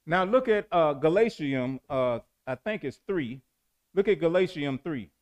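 Emphatic preaching man, fairly high voice. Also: animated, measured pace. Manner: call-and-response preaching, rising to emphatic bursts. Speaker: pastor. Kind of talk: sermon.

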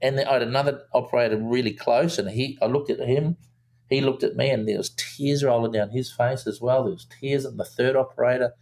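A man's voice: medium pitch, brisk. A man, a film director, telling a story in a casual interview, with lots of restarts. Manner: animated storyteller, acts out quotes, many restarts.

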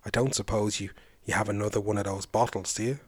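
A man's voice: lowish voice, fairly even intonation, quick pace, darkish tone, husky. A man voicing a hapless poor farmer in a folktale, with an earnest, pleading delivery.

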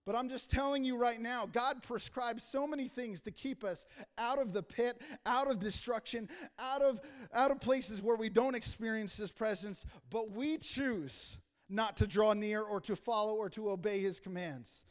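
A man preaching a passionate sermon as pastor, rising to loud emphasis and dropping to quiet asides. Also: high-pitched, normal speed. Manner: impassioned preaching, rising and falling in volume. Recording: reverberant hall.

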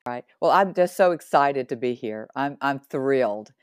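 Woman in her 60s, low pitch, dry recording. Podcast guest giving a lively, earnest testimony. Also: normal speed, clear, resonant tone, dry recording. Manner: animated and earnest, with laughs and asides. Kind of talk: personal faith testimony.

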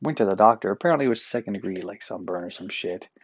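A man's voice: on the low side, lively intonation, fast talker, husky, dry recording, lo-fi sound. A man from Newfoundland hosting a solo podcast, ranting in an exasperated, profane way. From Newfoundland, Canada. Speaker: podcast host. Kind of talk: casual solo podcast rant. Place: apartment room.

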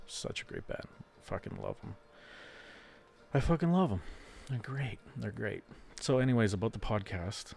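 A man's voice: deep voice, vocal fry, darkish tone. A man hosting a solo podcast, rambling and swearing freely as he rants in frustration and asks himself questions. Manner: rambling, profane, frustrated ranting with self-questions; quotes imagined people in a raised voice. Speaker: podcast host. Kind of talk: casual solo podcast monologue.

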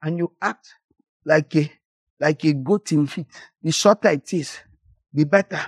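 A preacher giving a passionate, scolding sermon, rising now and then into sudden shouted bursts. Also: mid-range voice, measured pace, husky, no echo.

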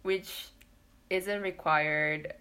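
A woman in casual chat who explains things calmly and pauses a little as she goes. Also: lowish voice, clear, resonant tone. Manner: calm, explanatory, a little halting.

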